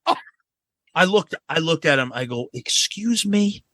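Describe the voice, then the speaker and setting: Guy co-hosting a podcast, swears a lot telling stories, bright voice, bouncy pitch. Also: normal speed, no room sound. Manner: animated, profane storytelling. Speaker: podcast co-host. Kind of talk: casual podcast chat.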